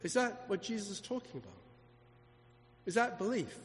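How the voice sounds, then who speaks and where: A man's voice: high voice, wildly swooping pitch, normal speed. A man preaching a sermon as a vicar, emphatic, asking the congregation rhetorical questions. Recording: long hall reverb.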